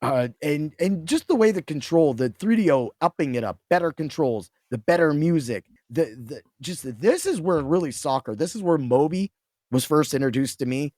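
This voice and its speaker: A man in casual chat as a podcast guest, excitable and rambling, with restarts. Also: fairly high pitch, moderate pace, no echo, studio quality.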